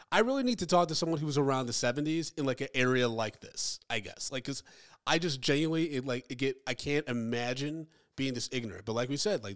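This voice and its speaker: A man co-hosting a casual movie podcast, animated, dropping into mumbled asides and then rising into excited outbursts. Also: mid-range voice. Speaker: podcast co-host. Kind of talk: casual chat.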